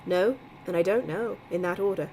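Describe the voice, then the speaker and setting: A woman voicing a dry, wry young English man, spoken a bit lower and quieter. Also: moderate pace, slight background noise, natural voice, poor audio.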